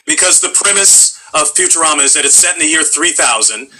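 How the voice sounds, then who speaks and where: A man's voice: on the high side, expressive, a little fast, bright, forceful tone, soft background music, low-quality recording. A middle-aged male voice actor in casual interview chat, a wry, self-deprecating storyteller.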